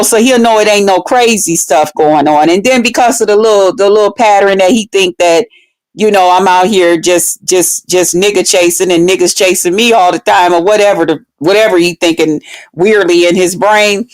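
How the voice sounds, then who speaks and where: A woman, telling a story in a casual vlog, animated and swearing, acting out quotes with big swings in her voice. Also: mid-range voice, normal speed. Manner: swears freely, talks straight to her viewers.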